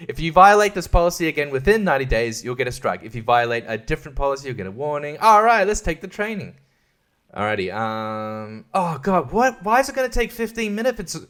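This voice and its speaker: A young man on his own podcast, with a fairly high voice. He rambles through a crude, sarcastic rant and keeps breaking into laughter. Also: a bit bright. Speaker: podcast host. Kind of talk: casual solo podcast rant.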